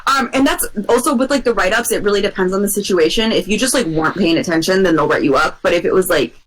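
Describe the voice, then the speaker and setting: A woman's voice: medium pitch, fast talker, poor audio. A woman co-hosting a podcast, telling a long work story in casual chat, rambling with lots of fillers and restarts.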